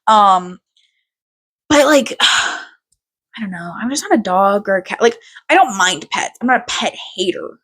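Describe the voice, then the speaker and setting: A woman's voice: mid-range voice, animated, measured pace, fairly bright tone, husky. A young adult woman hosting a podcast in casual chat, rambling and swearing freely. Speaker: podcast host.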